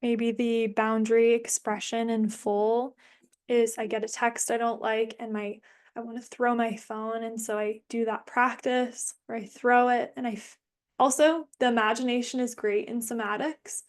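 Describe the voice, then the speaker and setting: A young woman leading an online somatics workshop over a video call, speaking casually and candidly, swearing freely and thinking aloud with pauses. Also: fairly high pitch, flat delivery, clear, resonant tone.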